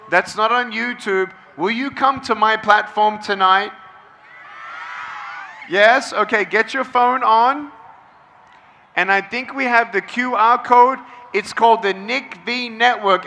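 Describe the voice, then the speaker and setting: Slight background noise sits under this man's high, bright, pushed voice as he speaks at a measured pace to a large outdoor audience. As a motivational speaker he's emphatic, repeating phrases for the crowd to shout back.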